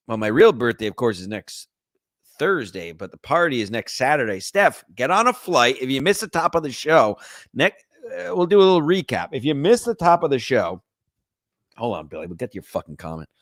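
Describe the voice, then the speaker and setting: A man's voice: mid-range voice, very animated, brisk. A young man hosts a sports podcast livestream, reading viewers' chat aloud and bantering crudely. His talk rambles and keeps joking. The sound is dry and close, with no room echo.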